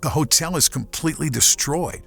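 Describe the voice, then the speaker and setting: Man reading as a calm teenage boy guide. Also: fairly high pitch, moderate pace, creaky, faint music behind. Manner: explaining, reassuring. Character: teenage boy leading his friends, calm, brave.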